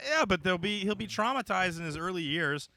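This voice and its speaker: A man's voice: high-pitched, expressive, a little fast, background noise. A man hosting a comedy call-in show, joking and exasperated with callers. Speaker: host. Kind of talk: comedy radio banter.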